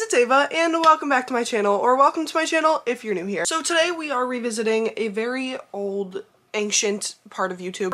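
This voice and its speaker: A woman's voice: a little high, fairly bright tone. A young woman YouTuber reading a creepy story aloud, chatty and breaking off to joke about it. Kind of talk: reading a scary story aloud with casual asides.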